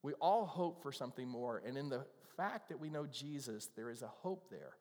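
A man preaching a conversational sermon, earnest and quick to be moved. His voice sits at an ordinary middle pitch. A long hall reverb trails every phrase, as in a church sanctuary. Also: expressive, darkish tone. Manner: conversational, earnest, gets emotional. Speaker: pastor.

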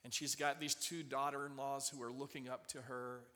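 A man's voice: medium pitch, level tone, normal speed, pushed and bright. A man preaching a sermon, retelling a Bible story and turning to the congregation to ask them to join in. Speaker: pastor. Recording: long hall reverb.

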